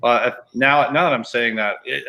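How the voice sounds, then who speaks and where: A man in a relaxed group chat over drinks, on a video call. His voice is mid-pitched and ordinary. He jokes and wanders through long, self-mocking explanations. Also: normal speed. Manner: jokey, long rambling explanations. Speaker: regular co-host.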